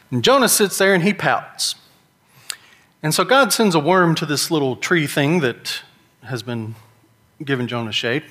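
Middle-aged preacher, folksy storyteller who acts out whiny characters, slightly higher-pitched voice. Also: male voice, a bit bright, long reverb tail. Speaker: pastor. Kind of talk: sermon.

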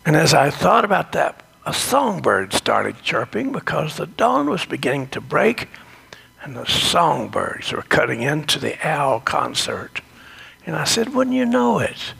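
A man with a deeply gravelly, husky voice tells a reflective devotional story. He speaks slowly and gently, and now and then drops into a whisper. His pitch swings widely as he talks. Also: very animated.

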